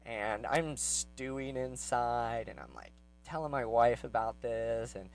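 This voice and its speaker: Casual male storyteller, gravelly, lots of ums, gets worked up and speeds up. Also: medium pitch, animated, soft background music, rough recording. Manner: rambling, lots of fillers, grows heated and fast when retelling his anger. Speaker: vlogger telling a personal story.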